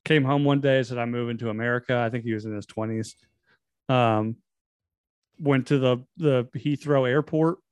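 A man's voice: mid-range voice, moderate pace, darkish tone, smooth, dry recording. A man on a podcast as a guest, telling stories in rambling casual chat full of restarts. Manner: rambling with many restarts and fillers.

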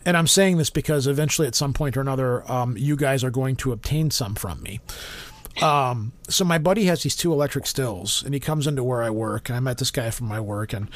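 A man's voice: medium pitch, a little fast. A man hosting a casual podcast, telling long rambling stories with frequent restarts. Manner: rambling storyteller, many restarts. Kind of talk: casual chat.

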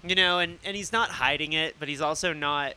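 A man's voice: a little high, brisk, sharp tone, clean tone. A man co-hosting a film podcast, talking in a rambling, casual way and swearing freely. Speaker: podcast co-host. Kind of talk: casual chat.

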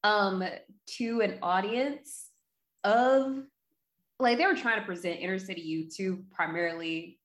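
A woman guest on a film podcast, speaking in a mid-pitched voice. She works through her thoughts with small "um" pauses. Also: echoey room. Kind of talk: casual film discussion.

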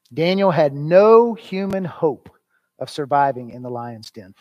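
A man preaching a sermon in an earnest way, swinging between loud emphasis and hushed, quiet lines. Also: a little high, dry recording. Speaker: pastor.

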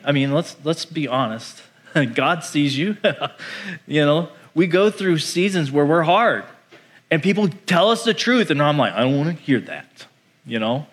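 Male pastor, sermon delivery, animated and conversational, voice a touch higher than most men. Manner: animated, conversational preaching that acts out quoted voices.

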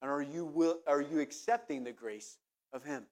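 A man's voice: a little high, moderate pace, darkish tone. A middle-aged man preaching a sermon, earnest, often repeating words as he searches for what to say next. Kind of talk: sermon with personal anecdote.

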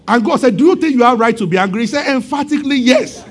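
A pastor with a very high voice preaches in an animated storytelling way. He acts out the voices of the people in his story and laughs often between lines. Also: fast talker, few pauses. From Nigeria. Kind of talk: sermon.

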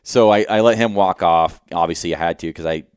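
A man co-hosting a podcast, telling a hunting story in casual chat, animated and swearing freely as he acts out what he was thinking. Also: sits low, fairly quick, clean tone, no room sound, studio quality. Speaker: podcast co-host.

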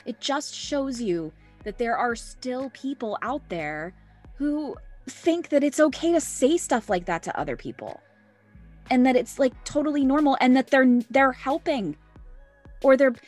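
A woman's voice: sits high, lively intonation, unhurried, a little mellow, soft background music. A woman in her thirties co-hosting a casual podcast, telling personal stories candidly and laughing often. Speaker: podcast co-host. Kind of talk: casual chat, personal storytelling.

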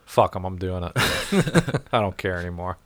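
A man's voice: low voice, lively intonation, measured pace, a bit bright, no echo. A man from the St. Louis area talking bluntly in a casual podcast chat, swearing and laughing often. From St. Louis area, United States.

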